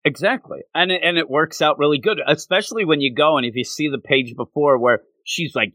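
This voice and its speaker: A man in casual chat, recapping a manga and jumping into high voices to quote its characters. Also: fairly quick, few pauses, no room sound. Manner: animated, jumps into high voices quoting characters. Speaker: podcast co-host.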